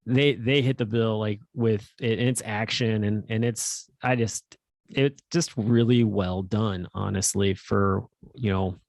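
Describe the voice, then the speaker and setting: A man's voice: lowish voice, steady tone, measured pace, darkish tone, no room sound, clean studio sound. A man co-hosting a podcast, chatting casually and rambling with lots of fillers. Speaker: podcast co-host.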